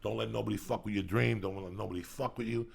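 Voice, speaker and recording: A man hosting a podcast, delivering a loud, crude, comedic motivational rant in a studio, riffing and bursting into shouts. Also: fairly low pitch, steady tone, quick pace, gravelly, a little hiss or hum. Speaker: podcast host.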